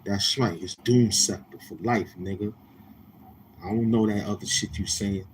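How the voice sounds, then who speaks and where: Brief: male livestream host, New York accent, lowish voice, blunt, profane, in-your-face. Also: steady tone, moderate pace, darkish tone, slight background noise. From Queens, New York. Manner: brash, profane, confrontational. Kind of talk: casual livestream chat with viewers.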